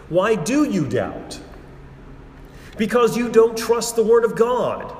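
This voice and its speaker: A man delivering a sermon in a slightly high voice, slow and deliberate, leaning on repetition and dramatic pauses. His words ring out through a roomy church hall with a long reverb tail. A faint background hum sits under it all. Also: big pitch swings, darkish tone. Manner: measured, emphatic preaching with repetition and dramatic pauses. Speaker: preacher.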